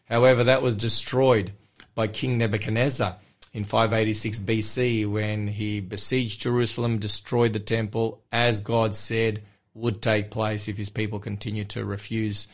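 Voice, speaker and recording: A man with a croaky, hoarse voice co-hosting a Bible study on the radio, talking earnestly with many fillers and restarts. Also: on the low side, little pitch movement, moderate pace. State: hoarse from a recent illness. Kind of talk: casual on-air Bible discussion. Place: radio studio.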